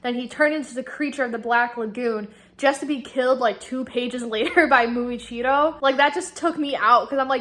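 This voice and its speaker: A woman vlogger chatting casually about the books she is reading. She gushes excitedly and swears freely. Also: high voice, moderate pace, few pauses. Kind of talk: casual book-reaction chat.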